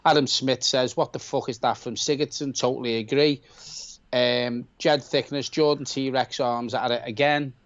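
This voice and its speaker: On dull-sounding audio, a man with a steady, medium-pitched voice speaks at a normal pace. He's a Scouser co-hosting a football watch-along, casually reading out viewer comments and giving blunt, matter-of-fact answers.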